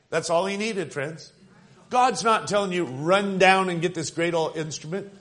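An older man with a high-pitched, somewhat bright voice preaches a revival sermon at normal speed. He rises to fervent peaks and slips into acted-out quotes of the people in his story.

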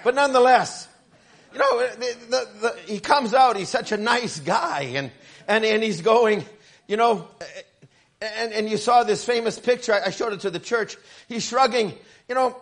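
A male pastor preaching a sermon, stammering through restarts and building to shouted emphasis. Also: high voice, normal speed.

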